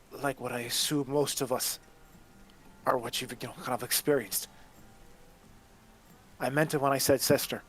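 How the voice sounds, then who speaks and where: A man's voice: medium pitch, fairly bright tone. A man voicing a blunt, earnest woman agent. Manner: earnest, persuasive, blunt with swearing. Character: steady woman agent offering an alliance.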